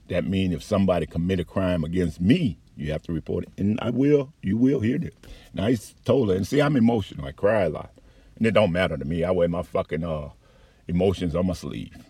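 A man with a low, husky voice tells an angry, rambling story of how he was treated as a patient, swearing often. The sound is dry and close, with no room echo. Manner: profane, heated, rambling complaint. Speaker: patient telling his story. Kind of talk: angry personal account.

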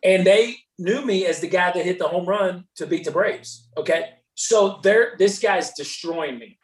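A man guesting on a podcast, telling animated stories as a former ballplayer turned commentator. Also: sits high, measured pace. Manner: animated, acts out hecklers' shouting in stories. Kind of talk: casual storytelling. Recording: roomy and distant from the mic.

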